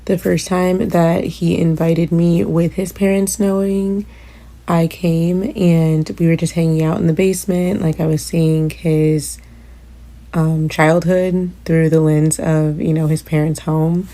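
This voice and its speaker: A woman calmly recounting past relationships in a flat, low-key, reflective way. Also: a little slow. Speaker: storyteller in a short clip. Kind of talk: casual storytelling.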